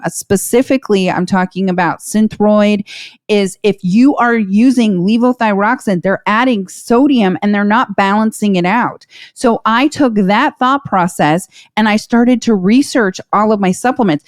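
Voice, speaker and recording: A woman's voice: mid-range voice, no echo, studio quality. A woman guest on a podcast, talking casually and emphatically, swearing and exclaiming as she goes. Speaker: podcast guest, herbal company founder.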